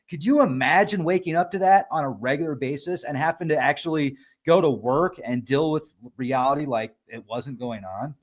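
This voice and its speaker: A man speaking as a podcast guest, thoughtful at first and then vivid and excitable. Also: mid-range voice, normal speed, hardly any pauses. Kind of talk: casual conversation.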